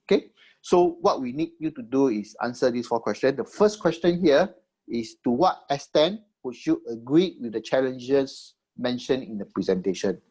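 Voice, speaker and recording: Husky-voiced Singaporean man presenting. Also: medium pitch, very animated, moderate pace, darkish tone. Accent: Singaporean English. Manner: explains step by step, checks in with "okay?"; frequent "uh" fillers and repeats. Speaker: government agency presenter. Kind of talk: webinar slide presentation.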